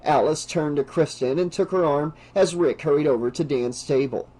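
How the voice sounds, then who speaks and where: A man narrates an audiobook in a measured, steady reading voice. His voice sits fairly high for a man. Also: poor audio.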